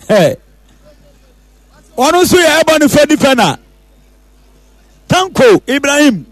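A man with a Ghanaian accent commentating a football penalty shootout, calling out and repeating the players' names with excitement. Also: very high voice, takes it slowly, long pauses, no echo, soft background music, poor audio.

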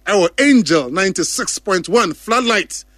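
A man with a Ghanaian accent co-hosting a radio sports show, playful, with quick interjections. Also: high-pitched, animated, a bit bright, no room sound, clean studio sound. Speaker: radio co-host. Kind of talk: casual radio sports chat.

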